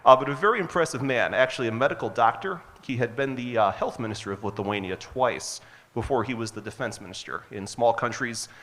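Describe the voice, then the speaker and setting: A man's voice: mid-range voice, fairly quick, a bit bright. Earnest male storyteller, chatty, uh-filled, long hall reverb. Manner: earnest, conversational, frequent uh's. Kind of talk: personal story told on stage. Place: hotel event hall.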